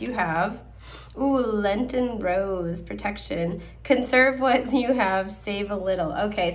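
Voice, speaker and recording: A young woman hosting a casual tarot reading, chatty and full of fillers and small laughs, her voice scratchy from allergies. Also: mid-range voice. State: scratchy voice, coughing. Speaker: tarot card reader. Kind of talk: casual pick-a-card reading.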